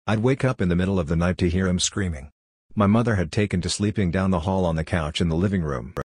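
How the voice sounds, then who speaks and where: A man narrating a first-person horror story in a measured, somber way. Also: sits low, darkish tone, husky, no echo, clean studio sound.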